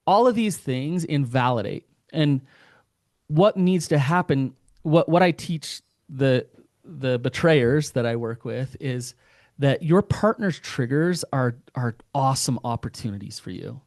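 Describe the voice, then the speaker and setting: A man's voice: medium pitch, lively intonation, measured pace, darkish tone, dry recording. Earnest male therapist, dry close sound. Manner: earnest, acts out quoted partners. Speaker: couples therapist. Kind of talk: podcast interview talk.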